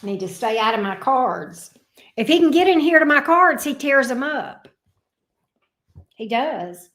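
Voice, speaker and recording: Chatty woman with a fairly high voice. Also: expressive, a little slow, fairly bright tone. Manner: chatty and playful, with frequent fond asides. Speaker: tarot reader and channel host. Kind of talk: casual livestream chat.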